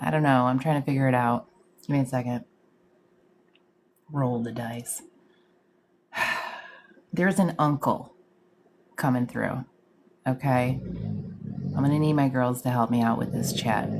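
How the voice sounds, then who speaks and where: A woman's voice: rumbling low, creaky, a little mellow, a little hiss or hum. A woman hosting a live stream as a psychic medium, chatting casually in slang, greeting viewers and laughing often. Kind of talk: casual livestream chat.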